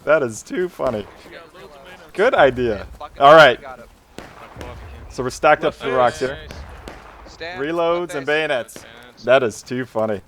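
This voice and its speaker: Male streamer, mid pitch, casual chat to viewers, quick calls to his squad. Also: expressive, fairly bright tone. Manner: chats with viewers, barks orders to teammates. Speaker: game streamer. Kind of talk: casual live gameplay commentary.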